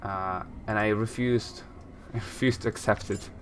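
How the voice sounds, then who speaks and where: A man's voice: on the low side, steady tone, measured pace, noisy background. A man giving casual let's-play commentary, rambling, correcting himself and chuckling at himself as he plays and reads aloud. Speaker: gameplay commentator.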